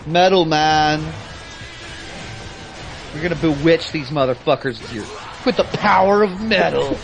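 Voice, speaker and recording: A man's voice: fairly high pitch, a little slow, creaky, faint music behind. A man co-hosting a let's play, making sarcastic jokes and teasing his friend. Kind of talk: casual gameplay commentary.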